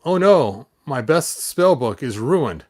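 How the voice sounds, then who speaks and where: A man's voice: medium pitch, big pitch swings, slow pace. A man voicing a small, grumpy male magician sprite in a children's storybook, speaking in a raised, complaining way. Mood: upset.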